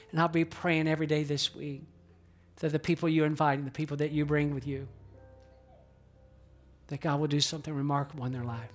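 Earnest preaching man, slightly high voice. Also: flat delivery, brisk, pauses often, soft background music. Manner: earnest preaching with rhetorical questions. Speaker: pastor. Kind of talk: sermon. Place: church auditorium in a theater.

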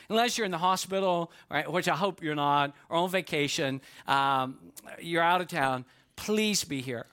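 A man's voice: on the high side, pushed and bright. A man preaching a sermon as pastor, conversational and folksy, telling a joke story before the message. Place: church.

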